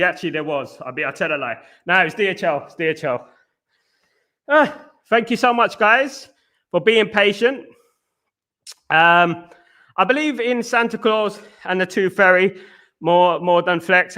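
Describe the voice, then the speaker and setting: Host type: man, out of breath, high bright voice, chatty, keeps saying "absolutely.". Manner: chatty, repeats "absolutely" and "big up". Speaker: host of a football live stream. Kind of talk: casual live-stream chat reading viewer comments.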